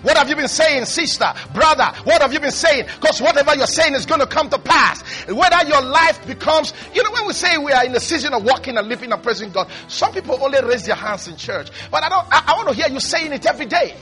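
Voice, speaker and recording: A man preaching a sermon as pastor, animated, swinging between hushed asides and shouted peaks. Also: extremely high pitch, fast, few pauses, soft background music.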